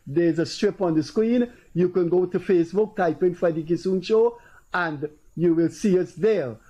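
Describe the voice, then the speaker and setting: A man's voice: sits high, normal speed, mellow, low-quality recording. A Guyanese man hosting a political talk show, telling stories and acting out the people he quotes in a raised, emphatic voice. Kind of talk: casual political commentary.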